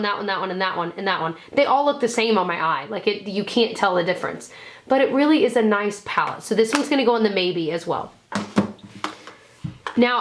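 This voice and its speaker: A young woman beauty vlogger chatting casually as she sorts through makeup, gushing and thinking out loud. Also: medium pitch. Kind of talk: casual makeup declutter chat.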